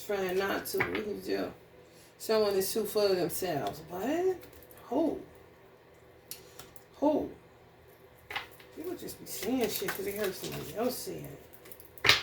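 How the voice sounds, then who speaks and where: A woman's voice: mid-range voice, very animated, slow pace, gravelly, pauses often. A woman giving a casual astrology reading that turns into a blunt, heated rant full of profanity. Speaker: astrology reader. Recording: echoey room, distant mic, faint noise.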